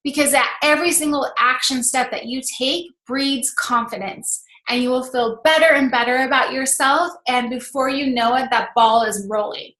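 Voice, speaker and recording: A woman's voice: high voice, sharp tone, reverberant, rough recording. A woman in her thirties giving a chatty, encouraging motivational talk to camera as a coach. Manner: chatty and encouraging, laughs often.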